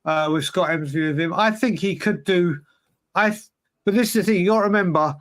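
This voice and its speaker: High-voiced bloke talking football. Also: male voice, brisk, a bit bright. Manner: rambling, restarts, emphatic opinions. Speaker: podcast co-host. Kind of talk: casual football chat.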